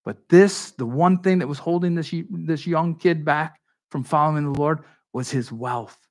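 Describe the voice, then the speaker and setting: A man preaching a sermon in a conversational, animated way, acting out the dialogue of Bible figures. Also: a little high, a little slow. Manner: conversational with frequent restarts and asides. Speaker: pastor.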